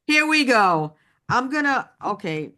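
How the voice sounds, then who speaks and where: Slow-talking chatty woman co-host. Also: fairly high pitch, sing-song, sharp tone. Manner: chatty storyteller, laughs often, many restarts. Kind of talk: casual chat.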